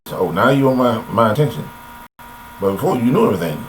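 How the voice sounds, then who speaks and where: A man's voice: mid-range voice, moderate pace, fairly bright tone, a little hiss or hum, rough recording. An older man delivering a rambling, folksy philosophical monologue to listeners, recorded on a laptop webcam. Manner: folksy and preachy, addresses listeners directly. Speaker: vlogger.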